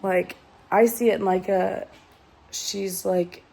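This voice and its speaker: Gravelly-voiced woman ranting about a book. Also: mid-range voice, steady tone, slow, mellow, low-quality recording. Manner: exasperated, rambling, heavy use of filler 'like'. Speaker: book reviewer. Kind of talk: casual chatty book vlog.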